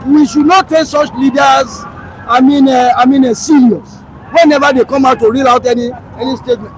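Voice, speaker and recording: Man, very high voice, emphatic political commentator, crowd murmur behind. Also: poor audio. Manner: emphatic, rhetorical questions, many hesitations. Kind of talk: live political talk show discussion.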